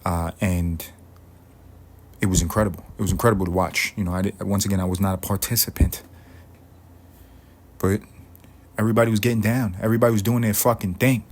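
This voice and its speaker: A man's voice: lowish voice, a little fast, long pauses. Profane, rambling man riffing on a podcast. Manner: rambling, profane, animated riffing with sudden loud jumps. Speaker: podcast host. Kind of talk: solo comedic podcast monologue.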